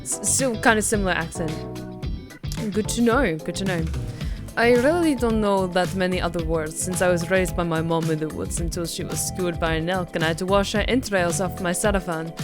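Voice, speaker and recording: Girl doing a deadpan russian-accent huntress lady, low and blunt, music in the back. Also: a little fast, close to an everyday voice. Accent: put-on Russian. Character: cold, blunt young female huntress.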